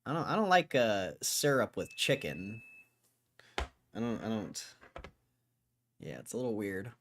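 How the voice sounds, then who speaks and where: A man's voice: lowish voice, big pitch swings, measured pace, a little hiss or hum. Laid-back wry male streamer. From Connecticut, USA. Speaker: livestream host. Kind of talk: casual livestream chat reading headlines.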